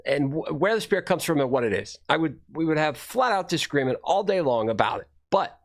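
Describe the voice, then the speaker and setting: A man's voice: fairly high pitch, expressive, fairly quick. A man streaming casual commentary on videos he watches, blunt, rambling and profane.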